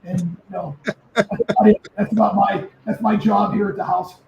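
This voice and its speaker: Animated older man with a high voice telling stories. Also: normal speed, vocal fry, slight background noise. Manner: animated storyteller who repeats words. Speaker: guest, former pro football player. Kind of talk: casual storytelling interview. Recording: echoey, muffled remote audio.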